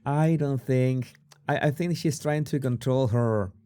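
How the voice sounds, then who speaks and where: A man giving casual video commentary on body language. He talks in halting bursts and restarts his sentences often, with a dry, sarcastic edge. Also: mid-range voice, mellow, clear, resonant tone.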